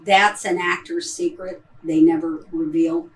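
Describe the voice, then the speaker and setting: An Ohio-born stage actress with a Midwestern accent answers audience questions in a theater auditorium after a show, rambling and hesitant with many ums and restarts. Her lowish voice is level and unhurried, captured from a distance in a rough recording.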